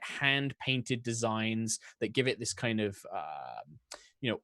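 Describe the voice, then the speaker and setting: A man's voice: on the low side, a bit bright, no room sound, studio quality. A man narrating a tabletop game as dungeon master, rambling, with many fillers and restarts.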